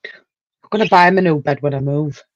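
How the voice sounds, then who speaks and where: A woman hosting a casual livestream chat, talkative and quick to exclaim. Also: low-pitched, no room sound, muffled recording. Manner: chatty, exclaims and laughs often. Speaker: livestream host.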